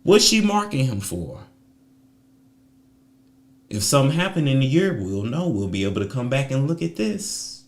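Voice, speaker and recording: A man hosting a celebrity gossip show, sassy and mocking, swinging between loud jabs and low muttering. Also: big pitch swings, normal speed, long pauses. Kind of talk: casual commentary monologue.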